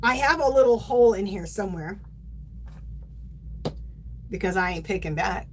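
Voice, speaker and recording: A woman's voice: mid-range voice, expressive, moderate pace, a little hiss or hum, rough recording. A middle-aged woman hosting a yarn craft livestream, gushing and chatting casually to her viewers.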